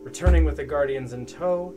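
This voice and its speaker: A man's voice: fairly high pitch, a little fast, music in the background. A man running a tabletop game, narrating a rambling recap with self-corrections. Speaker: game master.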